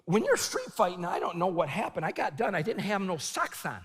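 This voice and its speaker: A middle-aged man giving a storytelling sermon at a conference, animated and shouting at the peaks. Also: high voice, brisk, husky. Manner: animated, shouting at the peaks, laughing, quoting himself. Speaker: conference speaker. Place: large conference hall. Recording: long hall reverb.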